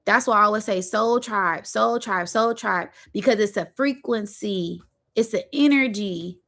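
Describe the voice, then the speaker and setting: A woman's voice: medium pitch, unhurried, vocal fry, a bit bright. A woman, hosting a spiritual motivational monologue in an emphatic, preachy way, repeating phrases and using slang. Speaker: spiritual channel host.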